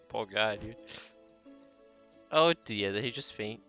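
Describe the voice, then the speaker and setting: A man's voice: on the high side, sing-song, moderate pace, pushed and bright, faint music behind. Joking man streaming a horror game. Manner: joking, laughs at himself, stammers playfully. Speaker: gaming streamer. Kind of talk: let's-play commentary.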